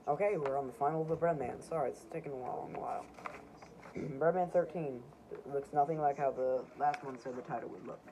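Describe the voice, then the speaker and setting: A man's voice: mid-range voice, brisk, background noise. A man casually reading through his own homemade comics, rambling and correcting himself as he goes.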